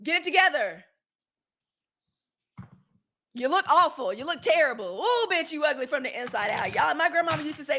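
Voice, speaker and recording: A high-pitched woman hosting a live streamed news show, talking in a loose, casual way straight to her audience. She is chatty and outspoken, and she slips easily into blunt, profane rants. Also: expressive, normal speed, pauses often, pushed and bright. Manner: chatty, outspoken, addresses viewers as y'all and girl.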